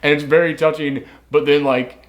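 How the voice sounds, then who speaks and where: A man reviewing an anime in casual chat, retelling scenes in an animated way and swearing often. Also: a little high, moderate pace, lo-fi sound.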